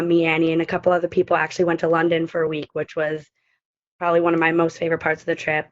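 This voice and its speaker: Young woman chatting on a lo-fi call. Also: on the low side. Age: young adult. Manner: chatty, many fillers. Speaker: study abroad alumna. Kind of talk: casual chat. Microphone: video call. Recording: lo-fi video call audio.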